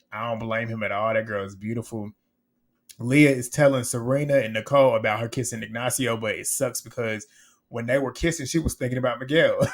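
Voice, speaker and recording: A man recapping a reality dating show in casual commentary, blunt and animated, laughing often. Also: medium pitch.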